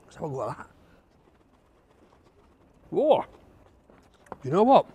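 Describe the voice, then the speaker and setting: A man's voice: a little high, big pitch swings, very fast, mellow, slightly rough. A man reviewing a takeaway outdoors, chatting and gushing over every bite. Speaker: food reviewer. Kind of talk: casual food review to camera.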